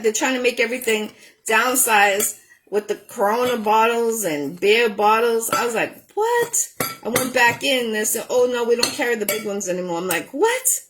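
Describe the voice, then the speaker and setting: A woman's voice: on the high side, noisy background. Chatty woman hosting a kitchen show. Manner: chatty, rambling, with many ums. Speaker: host of a cooking show. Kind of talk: casual chat while cooking. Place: home kitchen.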